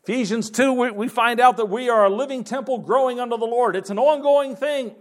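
A man's voice: extremely high pitch, a little fast. A man preaching a conversational sermon to his congregation in church, with frequent restarts and fillers. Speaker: pastor.

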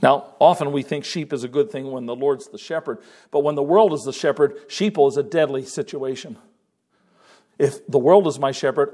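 An older man preaching a sermon, animated, swinging between loud emphasis and quiet asides. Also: medium pitch, normal speed. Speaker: pastor.

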